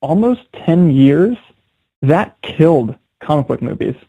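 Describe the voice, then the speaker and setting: A young man hosting a podcast, chatting casually and telling quick, animated stories. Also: a little high, breathy edge, no room sound, narrow, tinny audio. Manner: animated, quick storytelling with laughs. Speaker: podcast host. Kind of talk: casual chat.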